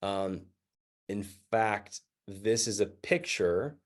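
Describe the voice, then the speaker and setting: A man telling a personal story as a speaker, animated and acting out the other people's lines with voices, and laughing as he goes. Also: fairly low pitch, takes it slowly. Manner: animated, acts out dialogue with voices.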